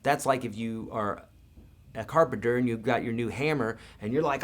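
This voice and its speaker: A man's voice: mid-range voice, fairly quick. A man teaching guitar in a live online lesson, talking casually and encouragingly with everyday comparisons.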